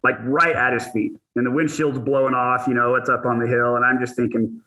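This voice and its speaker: A man speaking as an interview guest, telling lively anecdotes in a casual way. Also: mid-range voice, highs cut off. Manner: animated anecdote teller, quick bursts. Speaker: guest, athlete and ambassador manager.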